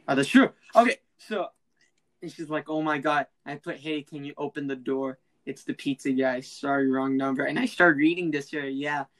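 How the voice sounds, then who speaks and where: A teenage boy tells a prank story on a casual mini podcast with a fairly high voice. He is excitable and slangy, and he keeps slipping into voices for the people in the story. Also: moderate pace, poor audio. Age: teens. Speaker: podcast host.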